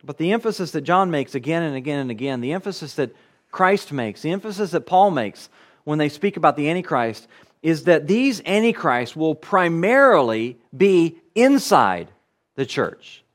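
High-voiced man preaching a sermon. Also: big pitch swings, normal speed. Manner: earnest, emphatic teaching with repeated phrases. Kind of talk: expository sermon.

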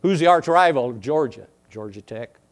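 A man preaching a sermon, swinging from quiet asides to emphatic, rising bursts. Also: medium pitch, lively intonation, moderate pace. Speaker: pastor.

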